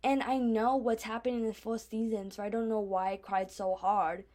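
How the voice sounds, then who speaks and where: A young woman in her twenties talks through a solo podcast episode with a slightly raised pitch. She rambles casually, leaning on fillers as her thoughts spill out. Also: flat delivery, normal speed, a little mellow. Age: 20s. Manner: rambling, filler-heavy, chatty. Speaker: podcast host.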